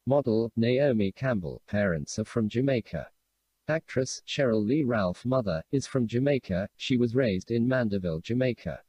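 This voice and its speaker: A man announcing, reading out a list in a steady, even way. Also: medium pitch, normal speed, husky, no echo.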